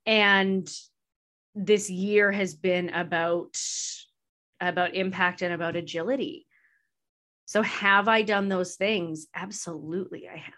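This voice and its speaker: A woman host talks through her year in a relaxed interview. She is candid and reflective, with easy laughter between thoughts. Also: lowish voice, slow. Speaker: podcast host being interviewed. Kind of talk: casual conversational interview.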